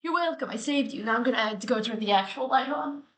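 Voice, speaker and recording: A woman's voice: on the high side, animated, quick pace. A woman hosting her own daily talk vlog, chatting casually and playfully and rambling from one thing to the next. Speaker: host of a daily talk show. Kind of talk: casual solo vlog chat.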